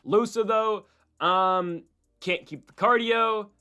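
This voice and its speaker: A man hosting a solo fight-prediction show, talking in an animated, opinionated way and slipping in quick voices of other people. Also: high-pitched, smooth. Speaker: MMA prediction channel host.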